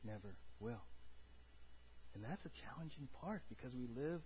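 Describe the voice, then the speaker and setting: A man preaching a sermon as pastor, moving from quiet, conversational talk to loud, shouted exclamations. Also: medium pitch, expressive, normal speed, highs cut off, a little hiss or hum.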